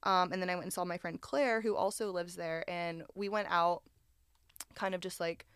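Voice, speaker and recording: A young woman co-hosting a podcast, telling stories in a casual, animated way, often laughing and acting out what people said. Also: on the low side, moderate pace, clear, resonant tone, no echo, clean studio sound. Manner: animated storytelling, laughs often, acts out quotes. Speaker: podcast co-host. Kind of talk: casual chat.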